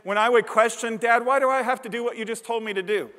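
A man's voice: sits high, fast talker, few pauses, a bit bright, big-room sound. A man preaching a sermon as a pastor, earnest and emphatic, building his points through repetition.

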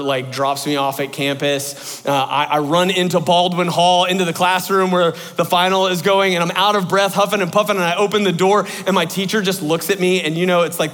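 A man telling an animated personal anecdote to an audience. He is excitable and full of fillers, and jumps into high exclamations. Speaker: speaker telling a story to an audience. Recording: echoey hall with long reverb.

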